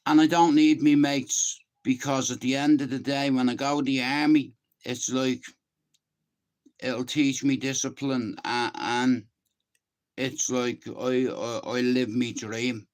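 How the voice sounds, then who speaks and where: A man's voice: medium pitch, little pitch movement, slow pace. An Irish man around fifty, a channel host, talks in a casual, emphatic monologue, swearing freely and often checking that the listener understands.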